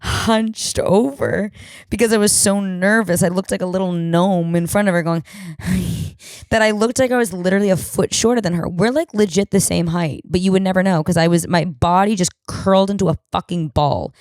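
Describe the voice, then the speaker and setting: A woman in her thirties with a low, dusky voice tells a comedic story on her podcast. She is animated and self-mocking, drops swear words freely, and keeps shifting into quoted voices. The sound is close and dry, with no room around it. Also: fast, hardly any pauses, dry recording. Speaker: podcast host.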